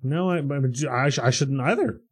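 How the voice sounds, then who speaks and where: A man's voice: medium pitch, expressive, moderate pace, slightly rough. A man co-hosting a podcast in casual chat, bantering and joking, with frequent stumbling restarts. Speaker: podcast co-host.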